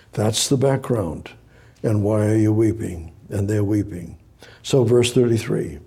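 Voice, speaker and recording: A man's voice: mid-range voice, gravelly, mellow, husky. A man preaching a sermon, reading scripture aloud and breaking off to explain it, repeating phrases and rising to emphatic exhortation.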